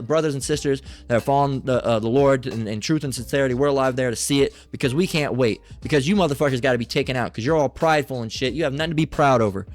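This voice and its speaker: A man giving an agitated, profane Bible lesson, ranting angrily and reading scripture between outbursts. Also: medium pitch. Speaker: Bible teacher.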